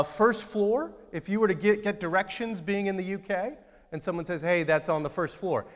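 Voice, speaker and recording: A man's voice: high voice, long reverb tail. Man preaching a joking sermon. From outside Ohio, United States. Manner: joking, asks the congregation questions. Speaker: pastor. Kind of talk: conversational sermon.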